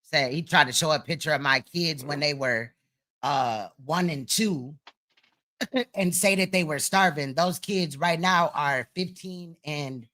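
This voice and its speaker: Woman streamer, sharp bright tone, profane and blunt, reacting live to a clip. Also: deep voice, a little slow. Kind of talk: casual reaction commentary.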